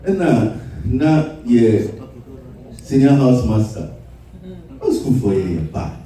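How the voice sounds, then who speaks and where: A man giving a humorous sermon, telling stories and mimicking other people's voices in a lively way. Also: slow pace. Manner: animated storytelling, shifting into high mimicking voices. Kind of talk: humorous sermon with acted quotes. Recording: roomy echo, voice far from the mic.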